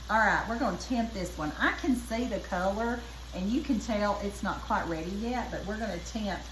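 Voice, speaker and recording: A woman's voice: mid-range voice, moderate pace, a little hiss or hum. Chatty Southern woman cooking at the stove. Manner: chatty, folksy, keeps saying "y'all". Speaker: home cooking host. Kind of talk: casual cooking demonstration. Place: home kitchen at the stove. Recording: echoey kitchen with loud frying sizzle. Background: frying and sizzling pan.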